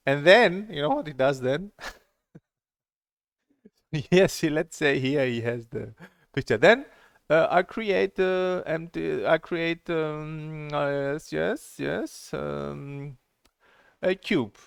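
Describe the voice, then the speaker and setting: A man's voice: a little high, slow pace, vocal fry, smooth, no echo. Exasperated man ranting over a screen recording. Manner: exasperated, sarcastic, swears, mimics the instructor. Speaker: online course reviewer. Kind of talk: casual screen-recorded rant.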